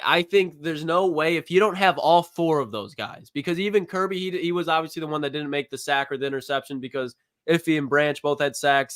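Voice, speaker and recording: A young man co-hosting a sports podcast in casual, excitable chat, laughing often and ribbing his co-host. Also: on the high side, no room sound. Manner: excitable, laughs often, trash-talking banter.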